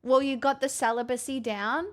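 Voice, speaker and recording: A woman's voice: high-pitched, steady tone, normal speed, soft background music. A young woman streamer chatting casually and candidly with viewers, rambling and swearing freely. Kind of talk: casual chat answering viewer questions.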